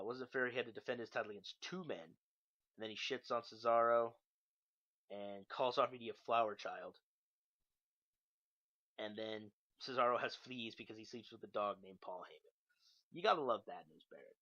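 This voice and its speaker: Young guy rambling through a wrestling recap, lotta ums, kinda low voice, dull lo-fi sound. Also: a bit bright. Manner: loose and profane, frequent ums and uhs. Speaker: podcast host. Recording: dull lo-fi podcast mic.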